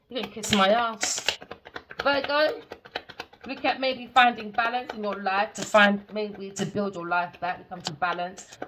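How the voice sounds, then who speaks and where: A woman giving a tarot reading as a profane, scornful rant, swinging between loud outbursts and low mutters. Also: rough recording. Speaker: tarot reader.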